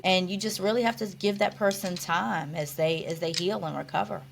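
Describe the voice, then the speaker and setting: A woman's voice: on the low side, moderate pace, vocal fry, few pauses, a little hiss or hum. A woman guest in an interview, talking earnestly and reflectively, often restarting her sentences. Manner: earnest, reflective, with many restarts and "you know". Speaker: podcast guest. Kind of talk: conversational interview.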